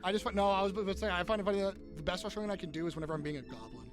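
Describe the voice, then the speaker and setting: A man's voice: high-pitched, very fast, music in the background. A man streaming live, talking in a heated, profane, casual way.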